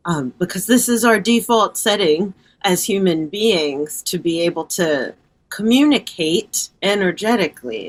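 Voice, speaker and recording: Woman podcast guest, lowish voice, calm assured explainer. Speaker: podcast guest, reiki practitioner. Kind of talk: explanatory interview talk.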